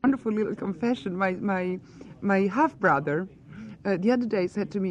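A woman's voice: mid-range voice, a little fast, muffled recording. Earnest woman searching for words. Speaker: actress being interviewed. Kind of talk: press junket interview.

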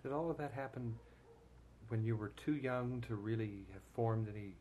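A man's voice: medium pitch, moderate pace, darkish tone. A male interviewer asking short, curious follow-up questions in a conversational interview.

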